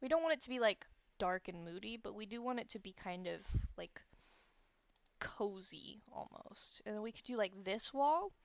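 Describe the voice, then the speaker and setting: Gravelly-voiced woman streamer thinking aloud. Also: medium pitch, animated, a little fast, hardly any pauses, no echo. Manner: chatty, thinking aloud while building, self-correcting. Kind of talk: casual gameplay commentary. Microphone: close microphone.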